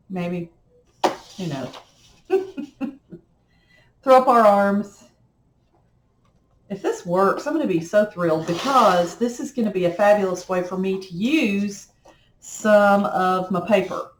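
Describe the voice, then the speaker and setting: Working on a craft project at home, a middle-aged vlogger rambles casually in a folksy manner. Her medium-pitched voice moves slowly with frequent pauses, and the echoey recording carries a slight hiss or hum.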